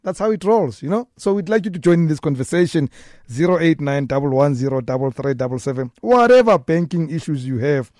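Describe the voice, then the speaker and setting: Male radio host, playful and animated, a bit breathless, close dry mic. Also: a little high, fairly quick, no echo. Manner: lively, jokey, chatty with swings in loudness. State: a little out of breath. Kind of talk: consumer call-in radio talk. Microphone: studio microphone.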